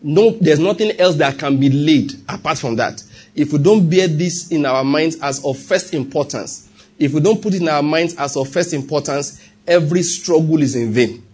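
A man's voice: a little high, normal speed, a little mellow, husky. A man preaching a sermon as pastor, repeating his points and checking in with the congregation.

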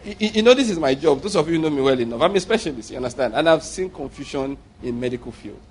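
A man's voice: a little high, animated, quick pace, a little hiss or hum. A man preaching a sermon to a congregation, jokey and digressive, often repeating himself as he explains. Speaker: pastor.

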